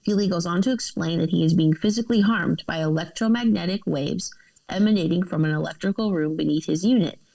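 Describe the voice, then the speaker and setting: A woman's voice: on the low side, brisk, creaky, warm tone, poor audio. A woman co-hosting a podcast, reading news articles aloud with casual asides and laughs.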